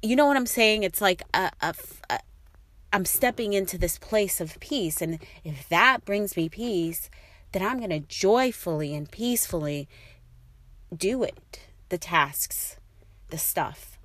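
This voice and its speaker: A woman's voice: mid-range voice, expressive, measured pace, a bit bright, no room sound. A middle-aged woman talking casually to her listeners, rambling and encouraging with many fillers. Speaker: host.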